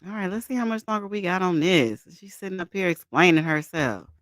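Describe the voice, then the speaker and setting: A woman's voice: on the low side, expressive, fairly quick, no echo, studio quality. A woman hosting a reaction channel, commenting on court footage in a laid-back, chatty way with amused asides.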